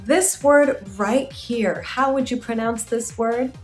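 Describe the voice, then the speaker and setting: A woman from Chicago with a Chicago American accent, speaking slowly and deliberately in a recorded video. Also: fairly high pitch, echoey room, faint music behind. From Chicago, United States. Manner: slow, deliberate.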